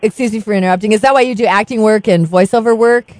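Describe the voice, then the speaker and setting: A woman hosts a casual interview, jumping in with eager questions. She laughs easily. Her pitch is average and the sound is dry. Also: quick pace, a little mellow, dry recording. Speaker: interview host.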